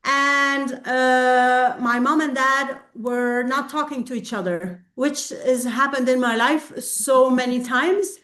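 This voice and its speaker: Higher-voiced woman telling a candid story. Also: steady tone, slow pace, hardly any pauses, fairly bright tone. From Belgium. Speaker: coaching group participant. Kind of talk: personal account on a group coaching call. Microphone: video call.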